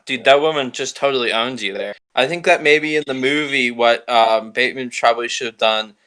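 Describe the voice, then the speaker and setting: A man's voice: medium pitch, brisk, sharp tone, rough recording. A man co-hosting a podcast, teasing and joking in casual chat. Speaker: podcast co-host.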